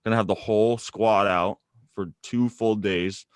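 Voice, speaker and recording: A man's voice: fairly low pitch, steady tone, a little slow, clear, resonant tone, no echo. A man co-hosting a casual podcast, joking and bantering with his co-host. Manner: laid-back, joking banter. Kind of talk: casual chat.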